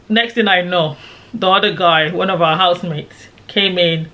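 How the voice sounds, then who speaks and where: A woman's voice: fairly low pitch, moderate pace. A young woman, dramatically retelling a personal story in a casual vlog. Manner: animated, dramatic retelling with quoted shouts. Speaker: storyteller vlogger.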